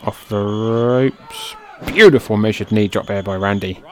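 A man calling old wrestling footage play-by-play as a fan, in a relaxed way that bursts into excited swearing. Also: fairly low pitch, unhurried, a little hiss or hum. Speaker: fan commentator.

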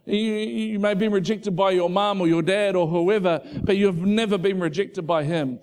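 Man, middle-aged, pastor, conversational sermon, slightly high voice, hushed to fervent. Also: steady tone, normal speed, hardly any pauses. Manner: conversational preaching, soft hushed passages rising to fervent emphasis.

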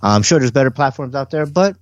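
A man co-hosting a casual podcast, talking in a relaxed, rambling way with many fillers. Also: mid-range voice, fast, no room sound, dull audio. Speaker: podcast co-host. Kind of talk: casual chat.

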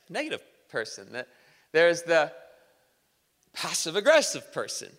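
Bright-voiced man preaching in a hall. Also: on the high side, normal speed. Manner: energetic, conversational preaching with humor. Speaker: pastor. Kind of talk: sermon. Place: church auditorium.

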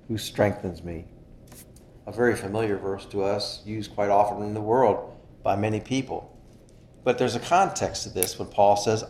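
A man preaching a sermon in an earnest style, stressing key phrases slowly. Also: fairly low pitch, a little mellow. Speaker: pastor. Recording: echoey room.

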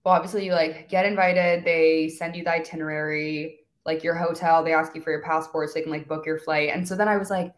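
A young woman in her twenties chats as a podcast guest, her voice sitting a little low. She keeps acting out little quoted exchanges and scatters fillers everywhere. Her voice carries a noticeable room echo. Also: fairly quick, hardly any pauses. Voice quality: valley-girl filler talk, animated quoting. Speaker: guest influencer. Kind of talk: casual chat.

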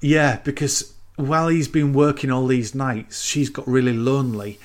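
A man's voice: medium pitch, fairly even intonation, moderate pace, crowd noise. A man retelling a film plot in casual chat, rambling and acting out the characters' lines. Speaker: podcast co-host.

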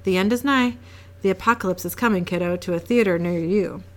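A woman's voice: fairly low pitch, fairly quick, lightly acted. A woman reading the lines of a smug, scheming male angel, in a glib and mocking way, without doing much of a voice.

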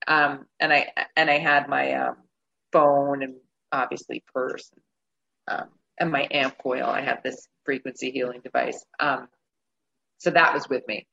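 Low-voiced, bright woman telling a story. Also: measured pace, gravelly, dull audio. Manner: animated, acts out her own reactions in quotes. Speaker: guest telling a travel story. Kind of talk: casual storytelling.

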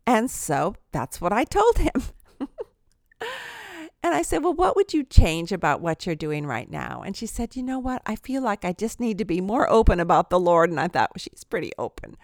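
A woman in her sixties tells stories on her podcast with a voice that swoops up and down and sits a little low. The sound is dry and close, with no room around it. She laughs often as she talks. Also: normal speed, no room sound. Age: 60s. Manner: animated storyteller, laughs often. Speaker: podcast host. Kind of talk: storytelling podcast talk.

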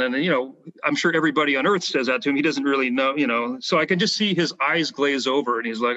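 A man's voice: mid-range voice, fast talker, few pauses, highs cut off. A Canadian man, a former basketball player, telling stories as a podcast guest and acting out the voices of the people in them, with plenty of fillers. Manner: animated storyteller, acts out quoted voices, frequent fillers. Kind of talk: casual storytelling interview.

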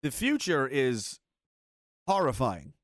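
A man's voice: medium pitch, huge pitch swings, slow, no echo, studio quality. A man hosting a livestream, ranting in a heated, profane, sarcastic way and reading chat messages aloud. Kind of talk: angry political rant on a livestream.

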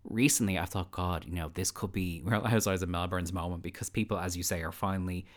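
A man co-hosting a podcast, telling stories in an animated, casual way. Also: low-pitched, fast. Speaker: podcast co-host. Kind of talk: casual chat.

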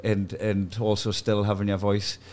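A man with a Geordie accent, a comedian guest chatting on a podcast, telling animated stories and swearing freely. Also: on the low side, moderate pace. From North East England. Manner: animated storytelling, swearing freely, acting out voices. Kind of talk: casual podcast chat.

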